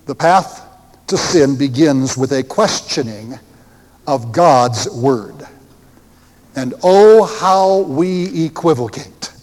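A man's voice: fairly high pitch, expressive, slow pace, darkish tone. A man preaching a sermon, emphatic and full of rhetorical questions. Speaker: pastor. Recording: long hall reverb.

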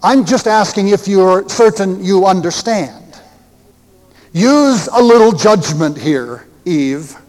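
Crafty, coaxing serpent tempter read by a preacher, high voice, slow and smooth, long hall reverb. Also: male voice, expressive, darkish tone. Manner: smooth, persuasive, mock-reasonable.

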